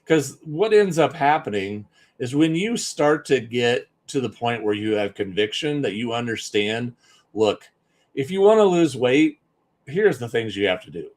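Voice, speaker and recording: A man's voice: medium pitch, lively intonation, measured pace. A man giving an emphatic, conversational live-stream talk as a business coach, often repeating points for stress.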